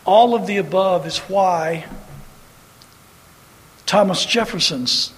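A high-voiced man preaches with fiery emphasis, hammering repeated phrases and quoting scripture. His voice rings with a long reverb, as if in a big hall. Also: takes it slowly. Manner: preaching with rising emphatic bursts and scripture quotes. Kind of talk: sermon.

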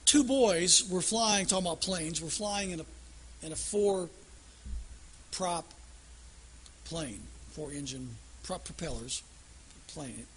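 A man's voice: fairly high pitch, animated, slow pace, pauses often, fairly bright tone, slightly rough. A man preaching a sermon in a folksy storytelling way that builds to emphatic declarations.

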